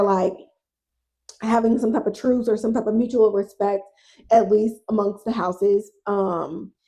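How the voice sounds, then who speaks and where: Animated woman recapping TV. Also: fairly high pitch, rough recording. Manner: animated, exasperated, swears freely; addresses listeners as y'all. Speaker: podcast host. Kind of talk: casual TV recap podcast.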